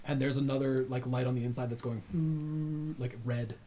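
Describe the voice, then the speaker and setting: A woman's voice: a bass voice, steady tone, normal speed, dark tone. A woman game master narrating a sci-fi tabletop game in a casual, rambling way. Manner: casual, filler-heavy, giggly.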